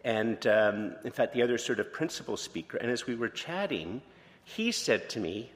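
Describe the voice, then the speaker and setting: A man's voice: medium pitch, animated, normal speed, in a large hall. A man pastor giving a conversational sermon, telling personal stories in an informal, candid way with lots of fillers and restarts. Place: church sanctuary.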